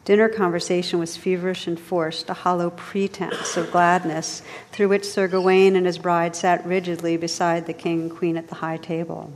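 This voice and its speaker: A woman narrating a storybook tale aloud in a measured, expressive way. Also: fairly low pitch, in a large hall, slight background noise.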